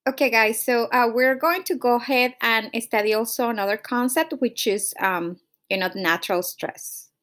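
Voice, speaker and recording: A woman's voice: a little high, normal speed, few pauses. Woman teaching, checking in with "okay?". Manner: relaxed, explaining step by step with frequent "okay?" checks. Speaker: Spanish teacher. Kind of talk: recorded online lesson.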